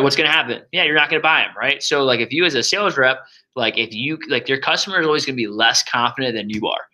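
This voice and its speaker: Fast-talking energetic young man coaching. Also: medium pitch, poor audio. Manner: energetic and loud, says so himself, many fillers. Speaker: sales trainer. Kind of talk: casual coaching walkthrough.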